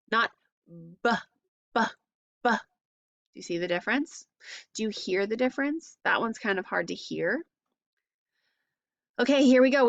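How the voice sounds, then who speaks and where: A woman teacher leads young children through letter sounds at a slow, deliberate pace. She stretches out each sound and asks gentle questions. Her voice sits close and dry, with no room behind it. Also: mid-range voice, dry recording, dull audio. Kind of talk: phonics lesson for young children.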